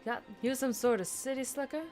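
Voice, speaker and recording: A woman's voice: sits high, brisk, a little mellow, faint music behind, voice pushed up, close to an everyday voice. A woman putting on a folksy Southern drawl as a swaggering cowgirl gunslinger in a game, with slangy, friendly talk. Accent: put-on Southern US drawl.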